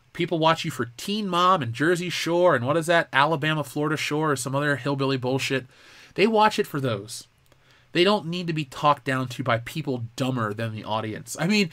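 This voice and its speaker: A man's voice: medium pitch, fairly bright tone, dry recording. A young man hosting a live pop culture show, ranting in a heated, profane way. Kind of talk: live-stream commentary rant.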